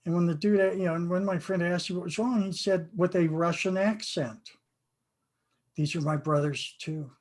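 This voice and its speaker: A man's voice: sits high, steady tone, brisk, few pauses, darkish tone. Earnest older American man, reflective. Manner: earnest, reflective, drawls and repeats himself. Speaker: interview guest, game author. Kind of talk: conversational interview.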